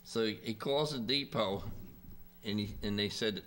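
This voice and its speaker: A man's voice: fairly low pitch, unhurried, a bit bright. A male host in casual chat, eager and chatty, who laughs easily.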